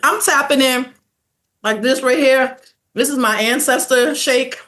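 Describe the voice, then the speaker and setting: An outspoken woman in her forties from New York City, chatting on a podcast. Her pitch sits fairly high and leaps around as she tells her stories, breaking into laughter and acting out the people in them. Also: a little slow. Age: 40s. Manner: animated, outspoken, laughs often, acts out voices in stories. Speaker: podcast guest. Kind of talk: casual podcast conversation.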